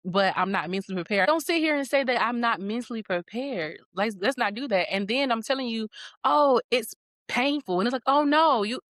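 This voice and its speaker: A woman's voice: on the high side, a little fast, dry recording. A woman guest on a podcast, telling a story in a casual way and acting out the voices of the people she quotes. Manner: animated, acts out quoted voices.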